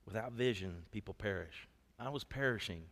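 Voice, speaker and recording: A man's voice: on the low side, moderate pace, a bit bright. A middle-aged male pastor preaching a sermon, talking conversationally and calling out to his congregation. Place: church sanctuary. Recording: long hall reverb.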